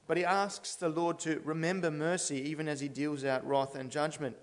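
A man with a slightly raised voice preaches an earnest sermon in a church. He builds steadily toward emphatic declarations. His words ring out with the long reverb of a large hall. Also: a little high. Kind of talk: expository sermon.

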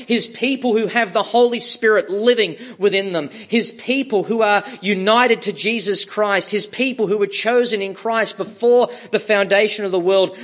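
A man preaching a sermon, slow and emphatic, with dramatic pauses and repeated words for stress. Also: high voice, a bit bright.

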